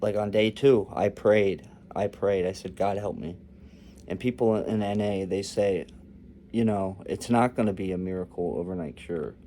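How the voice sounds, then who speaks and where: Young male vlogger, slightly low pitch, casual rambling storyteller with a joking streak. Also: moderate pace, dark tone, a little hiss or hum.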